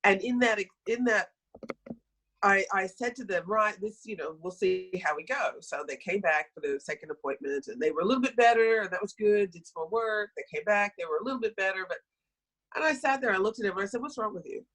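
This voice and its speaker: A middle-aged woman, a health practitioner, talking on a podcast and telling stories from her practice in a lively, self-correcting way. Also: mid-range voice, fast talker, low-quality recording. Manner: storytelling, animated, self-correcting. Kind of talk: conversational podcast talk.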